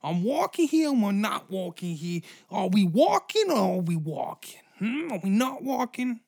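A man's voice: sits high, very animated, normal speed, gravelly, darkish tone, voice pushed up, exaggerated voice. A man putting on a fed-up ancient foot soldier who whines and rambles in circles. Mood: whiny. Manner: whiny, rambling, talking in circles.

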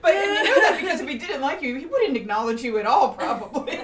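A woman's voice: high-pitched, very animated, quick pace, reverberant, over a noisy crowd. A woman in a casual podcast chat, telling a story and laughing. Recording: loud noise behind the voice.

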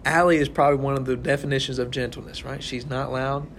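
A man's voice: mid-range voice, steady tone, fast, a little hiss or hum. A young man leading a casual Bible study, talking to the group and checking in with "right?" again and again. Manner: conversational, keeps asking "right?". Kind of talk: informal sermon to a small group.

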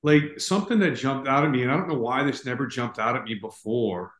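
A man's voice: medium pitch, brisk, fairly bright tone. A man hosting a podcast interview, reacting to his guest in a casual, reflective way. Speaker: podcast host. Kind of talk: interview conversation. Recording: roomy echo.

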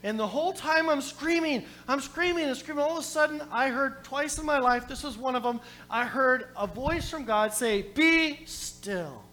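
A man preaching a sermon, telling a story with jokes to the congregation, moving from loud calls to quiet scripture reading. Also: very high voice, moderate pace, hardly any pauses. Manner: joking asides to the congregation. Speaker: pastor.

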